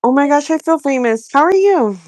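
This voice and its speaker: Friendly female caller from Los Angeles, slightly high voice, dry close sound. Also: lively intonation, fairly quick, darkish tone, no echo. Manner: friendly, bubbly, apologetic. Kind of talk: casual call-in chat.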